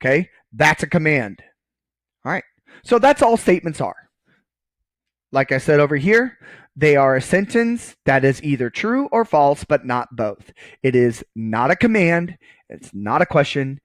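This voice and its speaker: A man's voice: on the high side, very animated, a little slow, no echo. A man giving a recorded math lecture, casual and joking, often checking in with "okay" while writing on screen. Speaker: college math professor.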